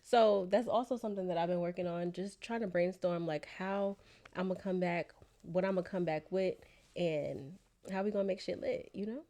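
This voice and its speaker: A woman from New York with a New York accent, co-hosting a podcast in casual, animated, slangy chat. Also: fairly low pitch, normal speed. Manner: chatty, animated storyteller with slang. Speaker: podcast co-host. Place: lives in Atlanta.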